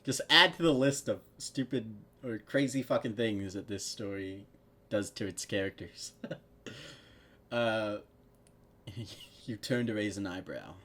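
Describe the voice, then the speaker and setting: Low-voiced man reading fanfic sarcastically. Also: measured pace, pauses often, pushed and bright. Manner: sarcastic, laughs and swears at the text. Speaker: fanfiction reader. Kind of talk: casual read-aloud with commentary.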